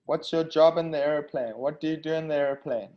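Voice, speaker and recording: A man's voice: fairly high pitch, fairly even intonation, fairly quick, highs cut off. A man teaching an online English speaking class, patient and repetitive, checking in with the students after nearly every sentence.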